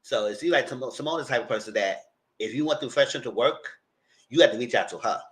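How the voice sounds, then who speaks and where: A man's voice: mid-range voice, quick pace, a bit bright. Guy doing casual live recap talk, blunt and chatty, aave, normal mid voice. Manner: chatty, blunt, acts out what he told the cast. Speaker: commentary channel host. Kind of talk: casual livestream commentary.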